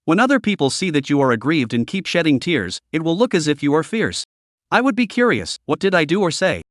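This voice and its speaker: A man's voice: on the high side, big pitch swings, a little fast, no echo, studio quality. A man playing a blunt cool young woman. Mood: cold. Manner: blunt, questioning.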